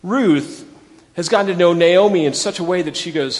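A man preaching a sermon, animated and emphatic, repeating phrases for stress. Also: a little high, measured pace, long reverb tail. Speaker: pastor.

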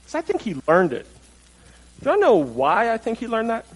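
A man's voice: very high voice, huge pitch swings, a little fast, husky, poor audio. A male pastor preaching a conversational sermon, asking the congregation questions and acting out the people in the story. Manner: conversational, asks the audience questions, acts out quotes.

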